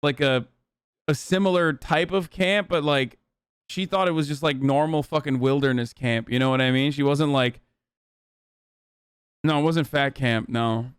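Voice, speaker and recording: Male streamer, profane and rambling, crisp and fairly high voice, dry close mic. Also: moderate pace, long pauses, dry recording. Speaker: streamer reacting to a video. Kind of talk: casual reaction commentary.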